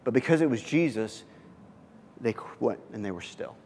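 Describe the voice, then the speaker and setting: In a church sanctuary, a pastor preaches a sermon at a moderate pace, his husky voice carrying a big-room sound. He tells the story with animation, often repeating words, and his pitch climbs when he gets excited.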